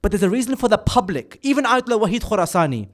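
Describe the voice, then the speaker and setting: A man giving a religious lecture at an Islamic centre, speaking emphatically, pushing up on key points and dropping low for asides. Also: very animated, racing.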